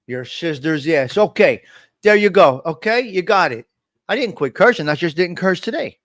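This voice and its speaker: A man with a slightly high, somewhat bright voice runs a loose, jokey live stream from his desk mic, animated and at a moderate pace. He keeps naming his viewers as he talks, and the sound is dry and close with no room echo.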